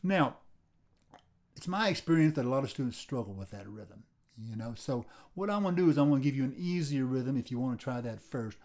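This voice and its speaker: A man teaching a song on ukulele in a relaxed, repetitive way, counting beats aloud and explaining the rhythm. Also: medium pitch. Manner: sings lyrics slowly while playing. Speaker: music teacher. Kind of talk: instrument lesson. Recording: ukulele playing under the voice.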